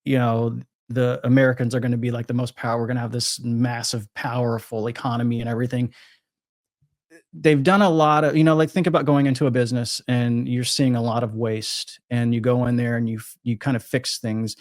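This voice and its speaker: Man, casual crypto chat, rambling, restarts a lot, mid pitch, dry sound. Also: flat delivery, a little fast, no echo. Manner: rambling, frequent restarts and self-corrections. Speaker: crypto trader guest.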